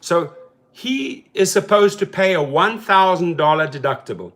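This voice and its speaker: A man hosts a rideshare channel and talks through a news story in a loose, chatty way. His voice sits a little high, and he gets animated when he acts out the people involved. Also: moderate pace. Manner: animated, talks to viewers as "bro", acts out quotes. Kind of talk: casual commentary on a news story.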